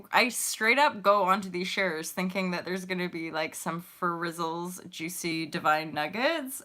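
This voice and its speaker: A woman's voice: medium pitch, pushed and bright. A woman in her thirties hosting a casual spiritual livestream, rambling and giggling as she talks to viewers in the chat. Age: 30s. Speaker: host of a spiritual livestream show.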